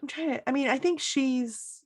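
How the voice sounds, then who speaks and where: A woman's voice: high voice, normal speed, husky. A woman with children co-hosting a podcast, chatting casually about TV characters and agreeing often. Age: adult with children. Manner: agreeable, backchannels a lot. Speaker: podcast co-host.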